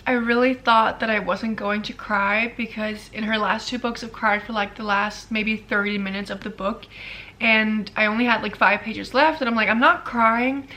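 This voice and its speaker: A woman's voice: mid-range voice, fairly even intonation, normal speed, pushed and bright. A young woman vlogging to camera about a novel she is reading, chatty and gushing, with many fillers. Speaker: book vlogger. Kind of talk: casual chat to camera.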